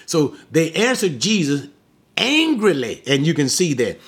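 A man teaching the Bible in a sermon style, emphatic, asking rhetorical questions and slowing down to stress quoted lines. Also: fairly high pitch, sing-song, a bit bright. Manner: slows down sharply to stress quoted words.

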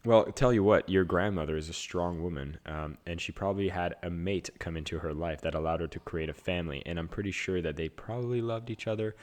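Low-voiced man coaching on a call. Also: a little fast, hardly any pauses, darkish tone. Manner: earnest, coaching, thinks aloud with fillers. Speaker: business coach. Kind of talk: casual video call chat. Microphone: video call.

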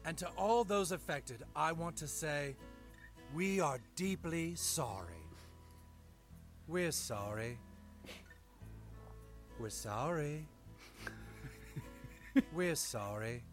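An actor playing a middle-aged cartoon oil company boss who keeps repeating slow, hollow apologies. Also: male voice, a little high, animated, soft background music. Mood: hollow apology. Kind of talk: cartoon voice acting.

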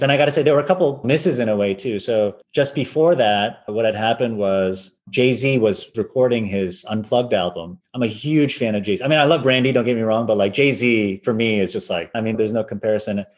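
A man in his forties, a violinist guest telling anecdotes in a loose, animated way, with lots of "like" and acted-out quotes. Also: on the low side, moderate pace, hardly any pauses. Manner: animated, acts out quoted voices, many fillers. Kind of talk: casual anecdotal storytelling.

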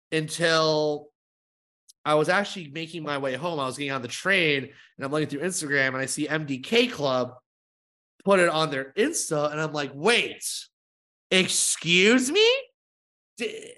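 A man co-hosting a podcast, telling stories in an excitable, animated way. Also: a little high. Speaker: podcast co-host. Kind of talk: casual chat.

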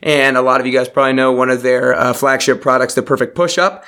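A man's voice: medium pitch, fairly even intonation, fast, bright, forceful tone, clear, resonant tone. A young adult man hosting a podcast, upbeat and enthusiastic in a casual interview. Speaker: podcast host.

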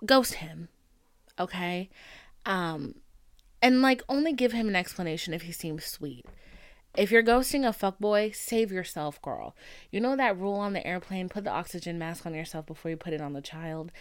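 A woman's voice: lowish voice, animated, normal speed, clear, resonant tone, no echo. A woman in her twenties hosting a podcast in casual chat, chatty, full of "like" and casual swearing, into a studio mic. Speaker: podcast host.

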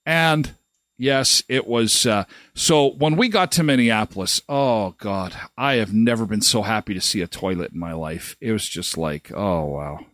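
A man's voice: medium pitch, moderate pace, fairly bright tone, no room sound. A middle-aged man hosting a live daily show, telling a funny story casually. His voice jumps up when he retells the moments that annoyed him.

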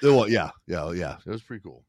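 A man's voice: low voice, expressive, fast talker, darkish tone, no room sound. A laid-back man chatting on a podcast, cursing casually and laughing easily between lines. His voice is recorded dry and close, with no room sound around it. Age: adult parent. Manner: laid-back, swears freely, laughs often. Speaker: podcast co-host. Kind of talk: casual chat.

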